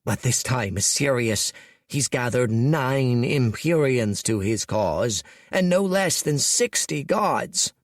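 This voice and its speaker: A man's voice: mid-range voice, expressive, slow, dry recording, studio quality, voice pushed up. A man voicing a nervous, desperate male dragon lieutenant whose pleading voice cracks upward. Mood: pleading, panicked.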